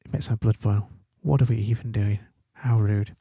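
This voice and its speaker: A man with an English accent, an English teacher talking through a literary text in a relaxed way, thinking aloud with fillers and tag questions. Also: lowish voice, a little fast, creaky, husky, no echo, clean studio sound. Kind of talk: study guide commentary on a text.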